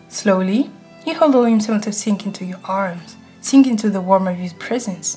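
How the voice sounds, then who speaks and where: A woman telling an intimate story straight to the listener, in a hushed, close voice, as whispered role-play. Her pitch sits in an ordinary middle register. Faint music plays softly behind her. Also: normal speed. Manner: hushed, intimate second-person narration. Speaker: ASMR narrator.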